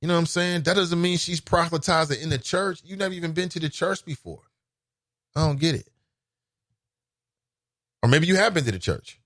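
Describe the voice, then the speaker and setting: His fairly high, expressive voice has a fairly bright tone and moves fairly quickly, though with long pauses, in a dry, clean studio recording. He is an American from Cincinnati who hosts a call-in show, conversing casually and answering listener comments with laughs and exclamations.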